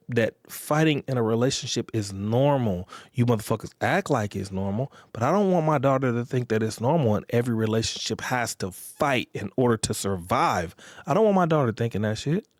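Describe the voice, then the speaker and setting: Speaking a little fast with a medium-pitched, expressive voice, this man hosts a podcast in a loose, rambling monologue full of profanity. He often checks in with his audience by repeating "you get what I'm saying," and the studio-quality audio has no room sound.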